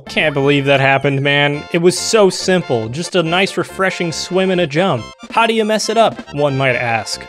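A young man giving comedic let's-play commentary, joking and breaking into sudden loud outbursts. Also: fairly high pitch, expressive, normal speed, few pauses. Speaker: gaming YouTuber. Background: game music.

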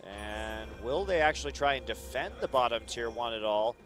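A man giving color commentary on a video game match, analytical and steady in tone. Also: medium pitch, moderate pace, soft background music. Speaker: esports caster.

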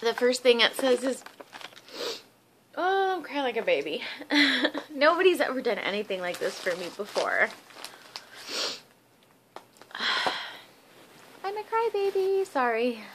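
Young woman, vlogger, casual unboxing chat, excitable, gushing, phone recording, faint background noise. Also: fairly high pitch, a little slow, pauses often. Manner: excitable and gushing, many fillers. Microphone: phone camera.

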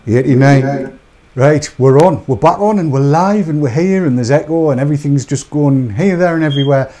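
A man's voice: a little high, moderate pace, mellow. A man hosting a live show, chatting and joking off the cuff as he rambles through products. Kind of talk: casual live-stream chat.

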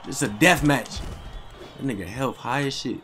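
A young gaming streamer delivers loud, slangy live commentary while playing a fighting game, trash-talking his opponent and swearing often. His voice is medium-pitched at a normal speed, with soft music in the background.

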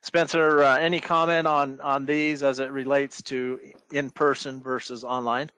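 A man moderating a business webinar who speaks in a measured way, sums up the points and hands questions to the panelists over a video call. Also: medium pitch, flat delivery, pushed and bright, clear, resonant tone, dry recording.

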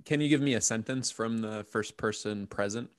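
A man's voice: lowish voice, moderate pace, dry recording. A man hosting an interview in a playful, teasing way, laughing often with his guest. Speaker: podcast interviewer. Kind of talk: casual interview chat.

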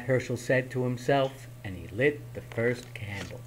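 A man's voice: medium pitch, unhurried, a little hiss or hum. Man reading a picture book aloud. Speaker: reader.

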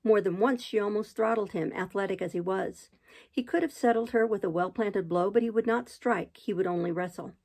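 A woman's voice: medium pitch, a little fast, creaky, darkish tone. A woman reading a classic novel aloud in an unpolished way, now and then stopping to restart a line. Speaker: audiobook reader.

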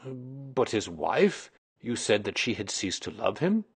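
Male reader as a gentle, questioning Victorian doctor. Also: medium pitch, big pitch swings, slow, breathy edge, full character voice. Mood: skeptical. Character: mild, doubting Victorian male doctor companion.

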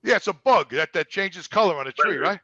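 A man's voice: high voice, lively intonation, brisk, bright, forceful tone, breathy edge, dry recording, muffled recording. A man telling personal stories in a rambling, candid way, repeating words and swearing freely. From New York. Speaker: guest. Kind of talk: candid conversational storytelling.

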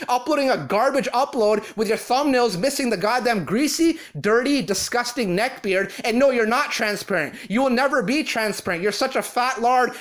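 Profane ranting man. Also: very high voice. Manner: shouty, profane, mocking. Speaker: commentary ranter. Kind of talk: angry insult rant.

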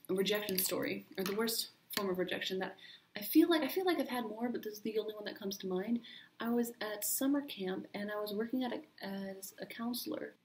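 A woman's voice: medium pitch, slight background noise. A young woman vlogger chatting casually through a makeup tutorial, rambling and full of "like", recorded on a built-in computer microphone at home. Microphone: built-in computer mic.

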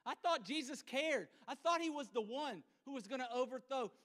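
A male pastor preaching a sermon, acting out a scripture scene with volunteers and swinging between loud, animated lines and hushed ones. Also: very high-pitched, moderate pace. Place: church sanctuary. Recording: church hall with long reverb.

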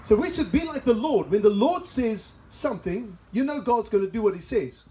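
A man's voice: high voice, lively intonation, normal speed, dark tone, low-quality recording. A man from South Africa with a South African accent, preaching a sermon and telling chatty personal stories with laughs. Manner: chatty, laughs at own asides. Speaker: pastor. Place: church service in a greenhouse.

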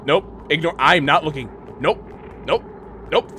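A young man streaming a horror game, muttering to himself and yelling in fright. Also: a little high, unhurried, soft background music. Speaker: gaming streamer. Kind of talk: horror game playthrough commentary.

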